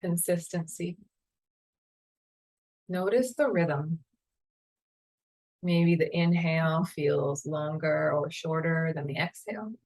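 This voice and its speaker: Slow, soothing woman guiding meditation. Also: deep voice, poor audio. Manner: slow, soothing, calm guidance. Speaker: yoga and meditation teacher. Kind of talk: guided meditation. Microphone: camera mic, seated on a chair.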